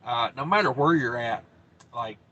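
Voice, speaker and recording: Laid-back bright-voiced trucker man. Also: medium pitch, lively intonation, moderate pace, dull audio. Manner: laid-back, drawling, many fillers. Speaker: trucking channel host. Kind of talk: casual live-stream chat.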